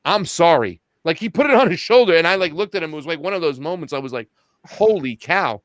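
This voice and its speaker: Brief: man, fairly high voice, smooth and dry, animated storyteller who acts out dialogue. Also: fast, no echo. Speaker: podcast host and activist guest. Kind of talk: casual chat.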